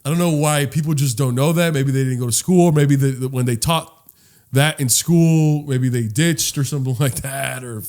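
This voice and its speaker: A man co-hosting a podcast in casual chat, animated and profane, rambling with many restarts. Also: mid-range voice, normal speed. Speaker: podcast co-host.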